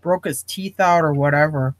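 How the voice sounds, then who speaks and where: A woman's voice: deep voice, moderate pace, no room sound. A woman chatting casually in a group, telling stories and acting out people's reactions. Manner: animated storyteller acting out reactions. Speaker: podcast co-host.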